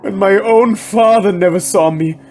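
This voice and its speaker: A man's voice: high voice, measured pace, soft background music. A man playing a tormented, possessive masked man, ranting and brooding in a theatrical monologue. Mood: bitter, pleading. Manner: ranting, swinging from shouting to brooding. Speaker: actor in a student short film.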